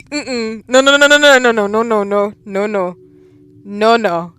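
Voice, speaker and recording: Loud, exclaiming woman gamer. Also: mid-range voice, noisy background. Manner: loud, exclamatory, repeating words in rapid bursts. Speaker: gaming channel host. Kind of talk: reacting aloud while playing a visual novel.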